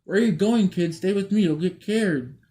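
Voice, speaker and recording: A man voicing a bold young woman in a storybook reading, sarcastic and quick to swear. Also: high voice, warm tone, pitched above the performer's own voice. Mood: coaxing.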